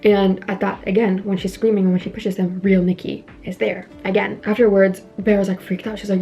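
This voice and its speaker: A woman's voice: mid-range voice, little pitch movement, brisk, gravelly, few pauses, muffled recording, faint music behind. A young woman vlogger casually retelling a horror movie's scenes, chatting and acting out quoted lines as she does her makeup. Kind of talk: casual movie recap while doing makeup.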